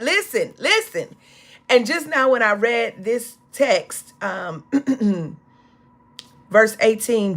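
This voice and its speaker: A woman preaching a sermon, telling a story and rising into impassioned, high exclamations. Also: a bit bright. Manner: speaks of the Spirit, call-and-response.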